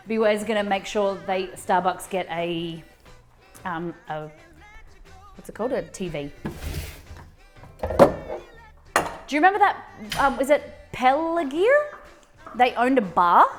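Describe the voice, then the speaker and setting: A woman's voice: mid-range voice, a little slow, pauses often. A woman hosts a live cooking stream from her home kitchen. She chats in a loose, rambling way, full of ums and restarts. Faint music plays underneath. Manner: chatty, rambling, with frequent fillers and restarts. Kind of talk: casual chat while cooking.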